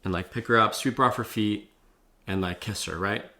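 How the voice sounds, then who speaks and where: A young man talks straight to camera, giving advice in a loose, profane vlog style. He leans on "like" and "bro" as he talks. His voice sits a little low. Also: moderate pace, pushed and bright. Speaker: vlogger. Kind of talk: casual talking-head advice.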